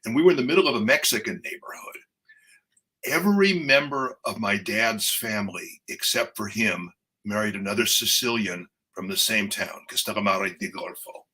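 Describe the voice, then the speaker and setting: An older man, a poet, telling a personal story in conversation, animated and full of fillers and restarts. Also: lowish voice, moderate pace, low-quality recording.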